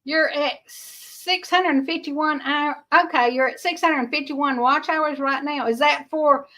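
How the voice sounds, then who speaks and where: A woman's voice: sits high, fairly even intonation, a little slow, pushed and bright. A middle-aged woman with a Georgia Southern accent, hosting a casual livestream, chatty and laughing often while reading viewer comments. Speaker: livestream host.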